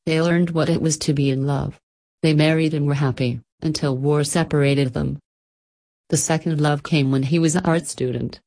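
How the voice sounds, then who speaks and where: Low-voiced woman gently narrating a storybook. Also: fairly even intonation, normal speed.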